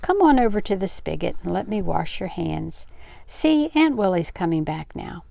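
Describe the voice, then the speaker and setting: A cheerful, reassuring teenage girl, voiced by an older woman reading a storybook, lifting her voice higher than the narration. The recording is close and dry. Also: very animated, normal speed, gravelly, dark tone, no room sound, exaggerated voice. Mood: soothing.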